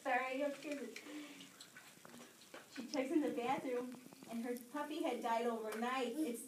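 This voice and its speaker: A woman with a high voice tells a spooky tale to a live audience in chatty fashion, checking in with her listeners as she goes. She is picked up from a distance in a reverberant room. Steady background noise sits under her voice. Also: normal speed. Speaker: storyteller. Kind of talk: casual spooky storytelling to an audience. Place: public library event room.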